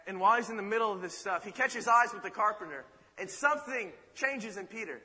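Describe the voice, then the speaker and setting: A man preaching a sermon, retelling a story in a dramatic, animated way with rhetorical asides. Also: high-pitched, fairly quick. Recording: reverberant hall.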